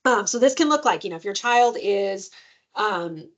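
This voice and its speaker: Woman giving a parenting webinar, chatty, lots of "right?" and "um", mid pitch. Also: lively intonation, moderate pace. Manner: conversational, frequent "right?" and "um"; jumps into playful high-pitched voices when giving examples. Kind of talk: webinar presentation.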